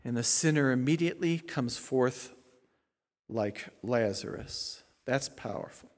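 A man's voice: mid-range voice, lively intonation, unhurried. Emphatic male preacher in a reverberant hall. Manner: emphatic preaching, swings from loud declarations to quiet asides. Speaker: pastor. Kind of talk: sermon.

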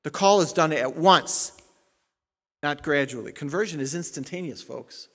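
A man's voice: on the high side, normal speed. Emphatic male preacher in a reverberant hall. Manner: emphatic preaching, swings from loud declarations to quiet asides. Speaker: pastor. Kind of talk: sermon.

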